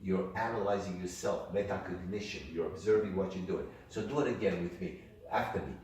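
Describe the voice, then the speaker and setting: A man with a low voice leads a music ear training class and sings rhythms on "ta" for the students to copy. He is heard from across an echoey room, with faint noise behind him. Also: a little fast, a little mellow, recorded from a distance. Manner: coaxing, demonstrates rhythms by singing "ta". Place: workshop room. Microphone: distant room mic. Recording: echoey room, picked up from afar.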